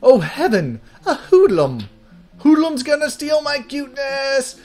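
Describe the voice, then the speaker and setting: A man's voice: high voice, animated, brisk, a little mellow, soft background music, pitched above the performer's own voice. A man voicing a bubbly, cute young shopkeeper girl from a game, with squealing, dramatic exclamations. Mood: alarmed. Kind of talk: reading game dialogue aloud.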